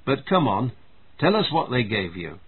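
An eager cafe owner coaxes and urges his customers, voiced by a man. His voice is husky and the sound is tinny, like a phone line. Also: mid-range voice, very animated, normal speed. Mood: coaxing.

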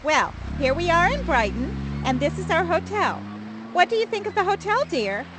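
A woman's voice: very high voice, very animated, normal speed. A young woman with an American accent acting a firm, lecturing newlywed wife in a scripted learner dialogue. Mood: bossy. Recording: background noise.

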